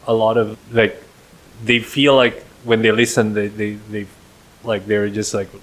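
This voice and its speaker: A man's voice: lowish voice, flat delivery, measured pace, fairly bright tone, poor audio. A man talking casually on a podcast, hesitant and full of fillers. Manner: hesitant, heavy use of fillers. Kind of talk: casual chat.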